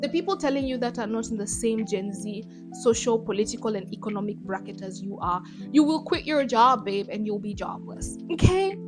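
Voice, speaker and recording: A woman's voice: medium pitch, fairly quick, hardly any pauses, music in the background. A young woman vlogging straight to camera, blunt and impassioned, dropping Swahili slang into her talk. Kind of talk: direct-to-camera commentary.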